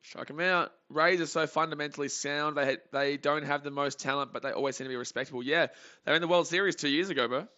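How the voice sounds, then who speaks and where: A young Australian man hosting a live baseball reaction stream, joking with chat and calling pitches, swinging from muttering to shouting. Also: fast talker, dull audio. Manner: excitable, jokey, swings between muttering and shouting.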